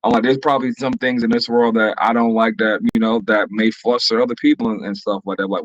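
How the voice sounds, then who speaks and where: Low-voiced man, rambling on a muffled line. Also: steady tone, dry recording. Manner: rambling, halting, with restarts and laughs. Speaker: podcast guest. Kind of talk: casual chat.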